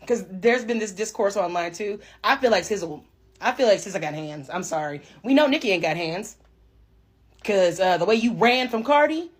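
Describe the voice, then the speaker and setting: A woman's voice: medium pitch, husky. A woman commenting in a casual reaction video, sassy and exasperated. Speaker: commentator reacting to celebrity news.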